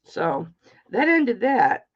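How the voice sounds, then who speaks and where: Slow, chatty middle-aged woman. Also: on the high side, very animated. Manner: chatty, swears freely, greets viewers by name. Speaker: live-stream jewelry auction host. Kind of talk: casual chat while selling. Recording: dull lo-fi stream audio.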